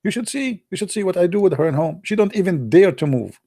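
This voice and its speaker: Cocky husband played by a man, bossy, raised pitch, mellow tone. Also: animated, quick pace, no echo, studio quality. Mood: boastful. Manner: bragging, bossy shouting. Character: boastful Arab husband in a joke, man, swaggering.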